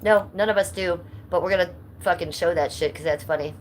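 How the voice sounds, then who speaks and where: A woman's voice: on the low side, a little fast, a little hiss or hum. A woman livestreaming casually from a handheld phone at home, reading chat aloud in a blunt, sweary, jokey way. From Cleveland, US. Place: at home, stepping outside in the cold. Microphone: phone held by hand.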